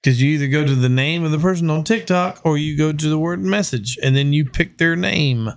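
A man's voice: a little high, fairly quick. Teasing argumentative podcast man. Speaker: podcast co-host. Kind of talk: casual chat.

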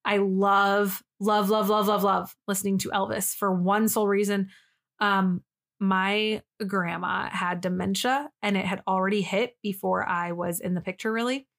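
A woman's voice: medium pitch, steady tone, moderate pace, gravelly, a bit bright. A young woman co-hosting a casual podcast, chatty and emotional, swearing freely as she tells a personal story. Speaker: podcast co-host. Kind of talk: casual chat.

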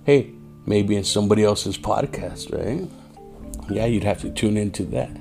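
A man's voice: on the low side, normal speed, creaky, mellow, faint music behind. A tired man hosting a casual solo podcast, profane and streetwise, saying "yo" a lot. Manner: profane, streetwise, says "yo" often; mimics angry drivers in raised voice. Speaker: podcast host.

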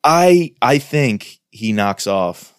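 A man's voice: mid-range voice, lively intonation, very slow, clear, resonant tone, no room sound, clean studio sound. A man co-hosting a podcast, chatting enthusiastically about a thriller novel and reading quotes aloud. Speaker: podcast co-host. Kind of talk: casual book review chat.

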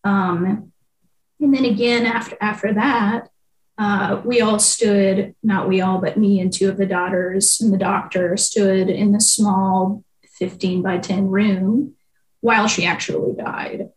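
A woman's voice: medium pitch, fairly even intonation, unhurried. Reflective young woman reporter, echoey room. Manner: reflective, with frequent ums and likes. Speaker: newspaper reporter, interview guest. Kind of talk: conversational interview answers.

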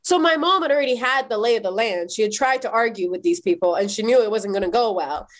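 A woman from Iran in her thirties sits as a guest on a podcast and recounts memories. She talks in a lively, rapid way, scattering "like" through her sentences. Her voice sits a touch high for a woman. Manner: lively, quick, frequent "like" fillers. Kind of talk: animated personal storytelling in a podcast interview.

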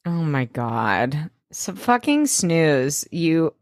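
A young woman with a notably low voice co-hosts a podcast, recapping scenes with sarcastic, lively jabs at the characters. The recording is dry and close-miked. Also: extremely slow, no room sound. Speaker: podcast co-host. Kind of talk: casual recap chat.

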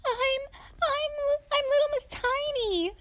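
Woman doing a squeaky, frightened tiny lady. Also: takes it slowly, a bit bright, full character voice. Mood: tearful. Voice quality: high squeaky voice.

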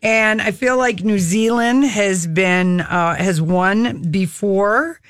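A woman co-hosting a radio show, chatting casually and telling stories with animated energy. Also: mid-range voice, takes it slowly, no room sound, clean studio sound. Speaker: radio co-host.

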